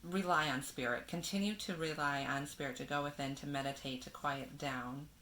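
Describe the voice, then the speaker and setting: A woman giving a spiritual tarot reading in a gentle manner, reading card verses aloud and laughing softly now and then. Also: low-pitched, steady tone, moderate pace, a little hiss or hum. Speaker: tarot reader.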